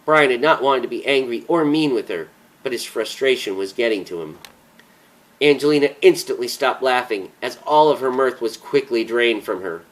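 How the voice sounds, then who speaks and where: A man reading a dramatic story aloud at a slow, solemn pace. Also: mid-range voice, poor audio. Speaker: audiobook narrator. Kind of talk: dramatic audiobook narration.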